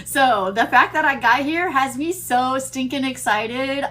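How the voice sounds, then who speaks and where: A woman's voice: high voice, a little slow, a bit bright. A woman in her fifties hosting a casual livestream, bubbly and giddy, laughing often and poking fun at herself as she chats to viewers. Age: 50s. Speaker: TikTok livestream host.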